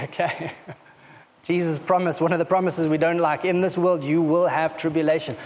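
A male preacher with a fairly high voice delivers a sermon in a conversational way, often tagging his points with "okay?" and a soft laugh. He moves between raised, emphatic declarations and low, intimate asides. The sound is muffled and lo-fi, with a long reverb trailing off the walls of a church hall. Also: fairly even intonation, moderate pace.

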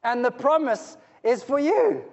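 A man preaching a sermon in a church, earnest and pleading, his voice often dropping low and soft before rising again. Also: animated, a little slow, vocal fry, dull audio. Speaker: pastor.

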